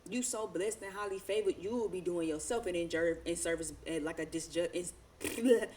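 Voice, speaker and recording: A woman's voice: fairly low pitch, steady tone, fairly quick, a little mellow, a little hiss or hum. A woman doing a casual tarot reading, talking in slangy, profane, rambling asides and laughing often. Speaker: tarot reader.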